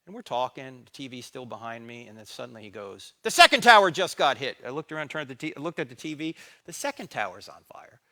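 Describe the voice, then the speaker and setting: A man's voice: medium pitch, fast talker, hardly any pauses, fairly bright tone. A middle-aged man giving a talk in a church, dramatic and sarcastic, acting out bits of dialogue. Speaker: guest speaker. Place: church sanctuary.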